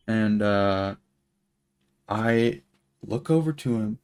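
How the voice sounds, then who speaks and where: Gravelly young man rambling through a story. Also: fairly low pitch, steady tone, moderate pace. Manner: rambling, profane, filler-heavy. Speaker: streamer. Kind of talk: casual storytelling while gaming.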